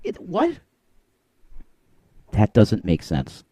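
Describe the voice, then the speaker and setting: Man, co-host, blunt, emphatic, mid pitch, lively, dry sound. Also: very slow, no echo. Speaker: podcast co-host. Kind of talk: casual chat.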